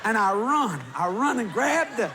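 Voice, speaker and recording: High-voiced, lively preacher telling a story. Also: male voice, normal speed. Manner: animated, laughing while telling, shouting at peaks. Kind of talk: humorous storytelling sermon. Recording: live audience with crowd noise.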